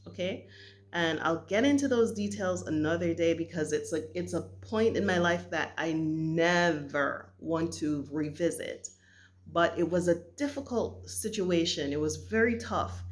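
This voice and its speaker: Slow-spoken, earnest woman from Jamaica. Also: fairly low pitch. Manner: earnest, halting, with many pauses and fillers. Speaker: vlogger. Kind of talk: reflective personal storytelling.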